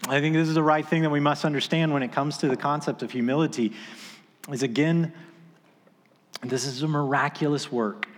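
A man's voice: on the high side, fairly even intonation, brisk, in a large hall. A man in his thirties preaching a sermon, telling a story in a casual, conversational way with filler words. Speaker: pastor.

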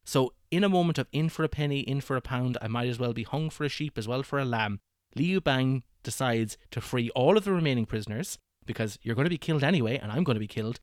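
A man tells history in casual podcast chat, laughing often and slipping into quick voices for the people in the story. His voice sits at a middling pitch and sounds dry and close to the mic. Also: no echo. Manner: animated, laughs often, acts out quotes. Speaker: podcast host telling history.

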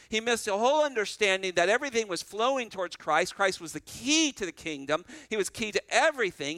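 A man serving as pastor delivers an expository sermon, reading scripture slowly and then explaining it briskly, his animated delivery swinging between loud and soft. His voice is high-pitched, and the recording is dry and of poor quality.

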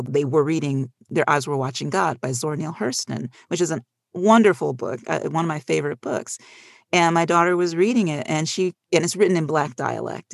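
A middle-aged audiobook narrator talking casually on a panel, telling animated stories with frequent laughs. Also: mid-range voice, vocal fry, no room sound, studio quality.

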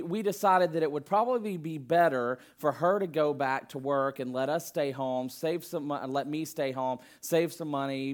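Young male preacher, fairly high voice, loose and talkative delivery. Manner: conversational, animated storytelling with many restarts. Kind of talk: sermon.

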